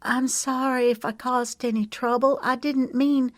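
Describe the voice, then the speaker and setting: A woman's voice: high voice, steady tone, a little slow, no echo, clean studio sound, pitched above the performer's own voice. A woman voicing a dazed, confused young woman who speaks faintly and apologetically.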